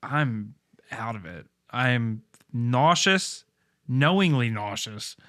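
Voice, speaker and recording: A man's voice: medium pitch, lively intonation, slow pace, fairly bright tone. A man co-hosting a podcast, telling laid-back stories with plenty of swearing and laughter. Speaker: podcast co-host. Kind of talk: casual chat.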